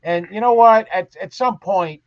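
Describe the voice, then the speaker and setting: Blunt, ranting man, fairly high voice. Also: moderate pace, no room sound. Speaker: panelist. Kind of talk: heated political chat. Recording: dry, muffled lo-fi sound.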